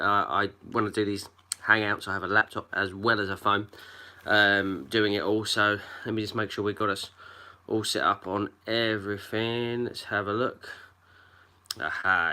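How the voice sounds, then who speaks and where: A man's voice: on the low side, pushed and bright, smooth. A man hosting a casual live stream from home on his phone, chatting and greeting viewers by name. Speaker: geocaching livestream host.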